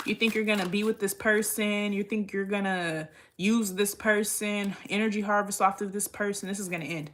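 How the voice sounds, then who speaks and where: A woman's voice: mid-range voice, fairly even intonation, normal speed, few pauses, fairly bright tone, a little hiss or hum. Woman, tarot reader, blunt, swears a lot, rambling, casual delivery.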